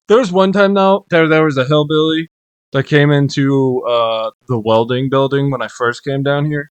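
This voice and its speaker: A young man telling a story in easygoing podcast chat, drifting soft and trailing off at times. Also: medium pitch, moderate pace, clear, resonant tone, no room sound. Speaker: podcast co-host.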